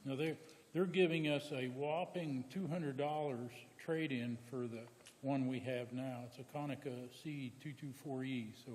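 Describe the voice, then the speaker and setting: A man giving a relaxed, casual report to county commissioners, laughing easily. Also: medium pitch, normal speed, big-room sound, slight background noise. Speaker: county department head. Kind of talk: casual report at a public meeting. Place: county meeting room.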